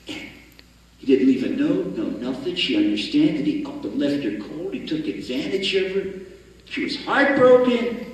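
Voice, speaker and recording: A man's voice: on the high side, darkish tone. A man, a rabbi, giving a storytelling sermon and acting out the voices of the people in his story. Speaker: rabbi lecturing. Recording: echoey hall, mic far off.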